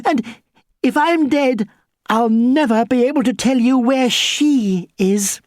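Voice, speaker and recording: A woman's voice: a little high, slow pace, darkish tone, no echo, studio quality, voice pushed up. A woman voicing a brave, earnest baby boy, urgent and pleading in a storybook reading.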